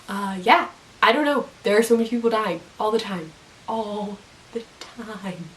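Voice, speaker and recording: A woman hosting a casual video recap, chatty and excitable, full of "like" and "um". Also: on the high side, far from the mic. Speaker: YouTube TV recap host. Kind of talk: casual chat.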